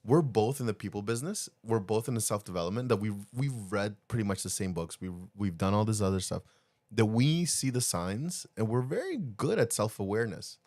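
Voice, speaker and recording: A man's voice: lowish voice, animated, brisk, a little mellow, no echo. A man co-hosting a podcast in casual chat, playful and teasing, often stammering and restarting his sentences. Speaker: podcast co-host.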